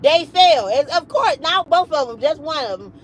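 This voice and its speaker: A woman in her late thirties telling a story on a livestream in an animated, emphatic, foul-mouthed way. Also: high-pitched, normal speed, a little hiss or hum, poor audio. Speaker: livestream host.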